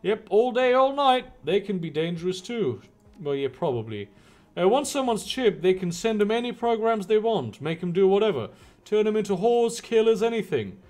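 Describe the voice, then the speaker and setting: A man's voice: high-pitched, sing-song, normal speed, darkish tone. A man voicing a pushy street dealer with slick sales patter, read aloud from a game. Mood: matter-of-fact.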